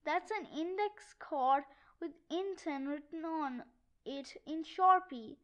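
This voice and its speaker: A prim know-it-all boy lectures about odd facts, voiced by a woman reading a storybook. The voice is very high, and the delivery is slow and precise. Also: a bit bright. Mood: lecturing. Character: know-it-all schoolboy who loves facts. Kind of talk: children's book read-aloud.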